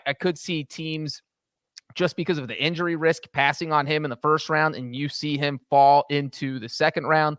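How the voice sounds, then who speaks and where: Man, slightly high voice, dry close sound, measured casual sports talk. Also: fairly bright tone, no room sound. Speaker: podcast panelist.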